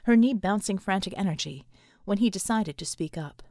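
A woman narrates an action novel in a steady, even audiobook delivery. Her mid-pitched voice is recorded close and dry. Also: normal speed, dry recording. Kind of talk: scripted narration.

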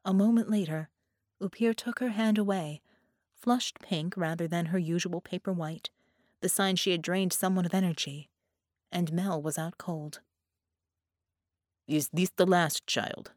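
A woman narrating an audiobook in a clear, measured storytelling manner. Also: lowish voice, darkish tone, dry recording, studio quality.

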